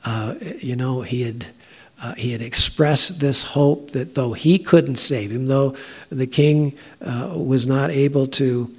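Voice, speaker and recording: A man giving a conversational Bible teaching, talking in a halting way with frequent filler sounds. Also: medium pitch, darkish tone, slightly rough.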